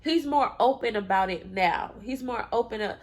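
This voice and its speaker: Woman vlogger, somewhat high voice, hesitant and reflective casual speech. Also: moderate pace. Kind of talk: casual conversation.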